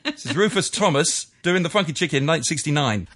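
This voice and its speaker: A man's voice: fairly high pitch, lively intonation, fast, very noisy. A male radio DJ chatting about his music picks in a jokey, rambling way.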